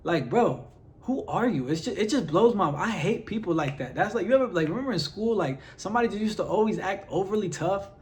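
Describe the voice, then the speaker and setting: A man's voice: high-pitched, lively intonation, quick pace, hardly any pauses, a little mellow. A man vlogging straight to his followers, exasperated and firing off rhetorical questions with lots of "like" fillers. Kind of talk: direct-to-camera vlog rant.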